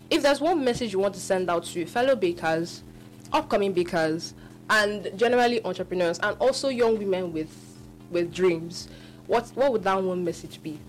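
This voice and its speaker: A woman hosting a live radio call-in show, animated, often laughing and restarting her sentences. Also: fairly low pitch.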